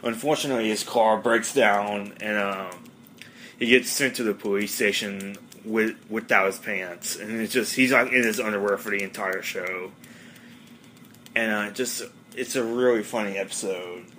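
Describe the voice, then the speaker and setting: A man's voice: fairly low pitch, steady tone, moderate pace, a bit bright, slight background noise. A man hosting a casual podcast monologue, rambling with many fillers. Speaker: podcast host.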